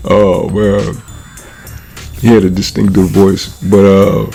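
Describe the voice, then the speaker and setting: A man from California with a deep, gravelly voice rambles through a casual monologue. He is full of slang and swearing, and he keeps checking in with his listener while chuckling between stories. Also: mellow. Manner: slangy, profane, laughs often, repeats "you know what I'm saying". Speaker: vlogger.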